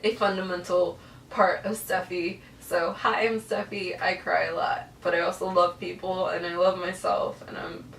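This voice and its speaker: A woman's voice: lowish voice, level tone, moderate pace, vocal fry, fairly bright tone, distant mic, a little hiss or hum. Earnest, emotional young woman vlogger. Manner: earnest, emotional, tearful at times. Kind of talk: personal story to camera. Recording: echoey room, voice a bit off-mic.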